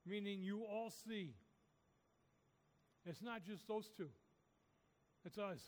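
A man's voice: high voice, takes it slowly, long reverb tail. A man preaching a sermon, urging his listeners with repeated, rising calls. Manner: repetitive, rising exhortation.

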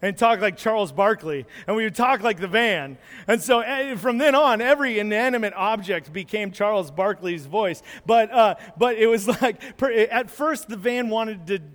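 High-voiced pastor telling a story. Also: male voice, moderate pace, hardly any pauses. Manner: animated storyteller, acts out moments. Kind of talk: sermon storytelling with slides. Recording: long hall reverb.

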